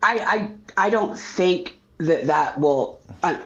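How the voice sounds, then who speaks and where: A woman's voice: lowish voice, expressive, slow pace, highs cut off. A woman co-hosting a casual political chat, blunt and fond of dry one-liners.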